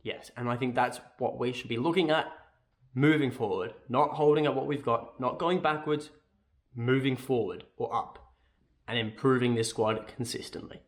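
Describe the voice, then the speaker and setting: A man's voice: mid-range voice, normal speed. A young Australian man giving his casual opinions in a football fan vlog, rambling and correcting himself as he goes. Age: young adult. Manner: rambling, self-correcting, keeps asking "right?".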